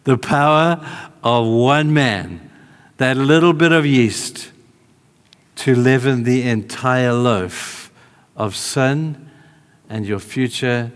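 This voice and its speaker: A man preaching a sermon in a church hall, conversational, moving between emphatic calls and hushed, tender asides. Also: medium pitch, slow, long pauses.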